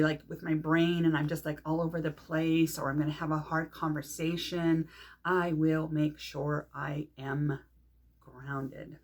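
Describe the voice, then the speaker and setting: A middle-aged woman leading a guided grounding meditation, calm and unhurried, pausing often between phrases. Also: low voice. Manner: calm, unhurried, speaks with pauses and soft fillers. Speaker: meditation teacher.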